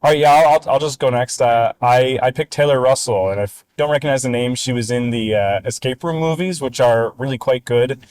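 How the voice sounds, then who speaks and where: A man's voice: medium pitch, brisk, few pauses, darkish tone, smooth, no room sound, rough recording. A man co-hosting a casual movie chat, rambling through his picks and laughing easily at himself. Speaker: podcast co-host.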